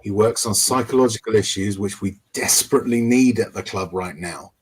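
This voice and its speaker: Man, husky voice, relaxed podcast guest, joking and chatty. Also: fairly low pitch, brisk, poor audio. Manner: chatty, jokes about doing accents. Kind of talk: casual chat.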